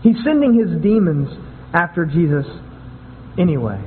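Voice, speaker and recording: A man's voice: fairly high pitch, sing-song, normal speed, slight background noise. A man preaching a sermon in a conversational way, often repeating and restarting words. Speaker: pastor. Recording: tinny phone-like sound with long hall echo.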